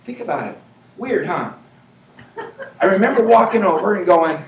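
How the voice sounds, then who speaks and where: An American man giving a lively motivational speech at a sales event, punching key points with shouts and humor. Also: sits high, normal speed, pauses often, far from the mic. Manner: energetic, playful, shouts for emphasis. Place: large event hall with audience. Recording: echoey hall, voice from afar.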